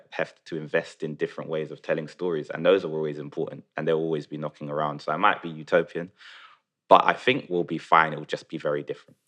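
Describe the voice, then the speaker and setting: A man's voice: extremely low pitch, fairly bright tone. A young man in his twenties, a newspaper journalist, talking in a casual round-table chat. He sounds upbeat and rambles with many "you know"s. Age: 20s. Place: kitchen table.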